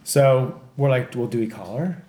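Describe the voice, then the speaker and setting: A podcast co-host tells a story casually, swearing a lot and acting out the people in it with animated energy. His voice is mid-range at a moderate pace, recorded in an echoey room.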